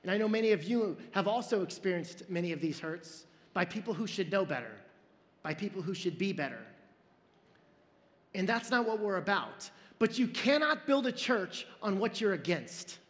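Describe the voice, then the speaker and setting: High-voiced pastor preaching in a reverberant hall. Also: male voice. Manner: storytelling, earnest, self-deprecating humor. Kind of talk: sermon.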